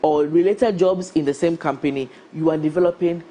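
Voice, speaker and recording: Ghanaian woman, HR guest, mellow voice, emphatic adviser. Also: sits low, a little fast, slight background noise. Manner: emphatic, advising, rhetorical questions. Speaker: HR professional guest. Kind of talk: career advice talk.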